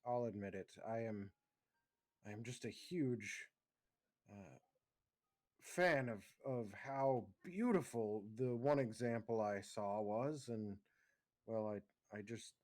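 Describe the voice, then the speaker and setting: A man's voice: on the low side, slow, long pauses, darkish tone, no room sound. A man speaking in character as a tabletop game player, eager and stammering through restarts. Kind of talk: in-character tabletop role-play.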